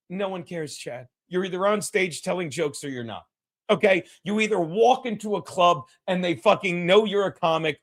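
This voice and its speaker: A man's voice: sits high, lively intonation, moderate pace, fairly bright tone. A man hosting a casual chat show, telling stories in a profane, ranting way and acting out what people said. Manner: profane, ranting, acts out quotes. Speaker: podcast host.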